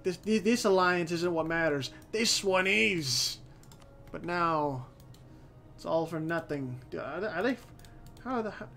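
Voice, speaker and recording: A man with a fairly high voice hosts a relaxed let's-play of a strategy game. He thinks out loud, swears often and trips over his own sentences. Soft music plays quietly underneath. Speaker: host of a strategy game channel. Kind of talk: casual let's-play commentary. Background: faint background music.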